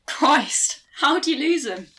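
A woman voicing an easygoing young man in a story reading, with a relaxed, low drawl. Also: takes it slowly, exaggerated voice.

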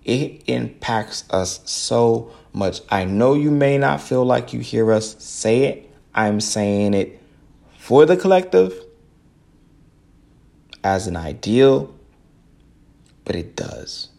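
Gravelly, earnest man, podcast monologue. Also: mid-range voice, takes it slowly, a little mellow. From United States. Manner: earnest, preachy, repeats phrases for emphasis. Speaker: podcast host. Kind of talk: casual solo podcast monologue.

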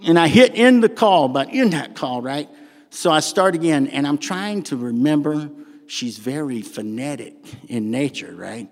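An older man with a Southern accent preaching a sermon in a church, folksy and animated with humorous asides. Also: on the high side, measured pace. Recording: long hall reverb.

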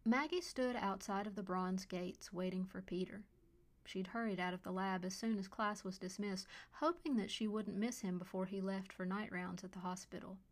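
Woman narrator with a gravelly edge. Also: medium pitch, moderate pace. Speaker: podcast host and storyteller. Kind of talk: scripted story narration.

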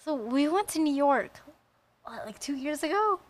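A woman co-hosting a casual true-crime podcast, blunt and quick to swear. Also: high voice, lively intonation. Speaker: podcast co-host.

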